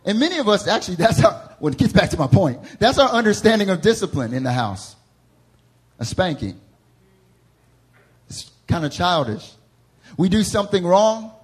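Young Southern man preaching, husky slightly high voice, animated storyteller in a church service. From American South. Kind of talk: storytelling sermon. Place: church service before a congregation.

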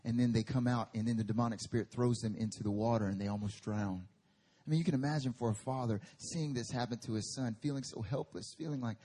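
Husky-voiced male preacher. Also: medium pitch, brisk. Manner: conversational, rising to forceful emphatic bursts. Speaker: pastor. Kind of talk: sermon. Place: church service.

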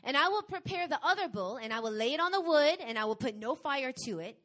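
A woman delivers a sermon in a somewhat high voice, moving between scripture reading and personal testimony. She preaches emphatically, climbing into loud bursts and then dropping into quiet, casual asides full of everyday fillers. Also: animated, quick pace. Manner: casual, conversational retelling with fillers.

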